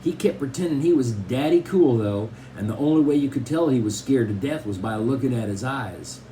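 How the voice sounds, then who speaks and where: An audiobook reader, a man with a medium-pitched voice, narrates a children's novel expressively as a first-person boy. He reads briskly, and a slight hiss or hum is audible.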